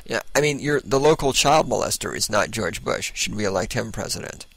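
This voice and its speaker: Sarcastic gravelly man. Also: on the low side, animated, fairly quick, a bit bright, dry recording, poor audio. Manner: sarcastic, blunt, laughs at his own jokes. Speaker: political commentary host. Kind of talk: opinionated political monologue.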